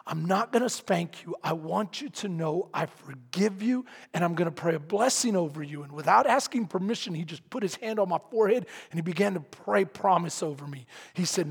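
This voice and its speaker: A preacher from San Antonio, Texas, telling a story in a sermon to his congregation, animated and often shouting, then quiet and earnest. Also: high voice, a little fast, breathy edge. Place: large hall, speaking to a congregation. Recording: long hall reverb.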